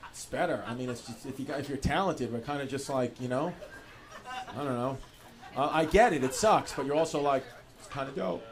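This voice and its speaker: A young man doing loose, profane stand-up crowd work, laughing through his riffs on a club stage. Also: a little high. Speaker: stand-up comedian. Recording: noisy live club recording.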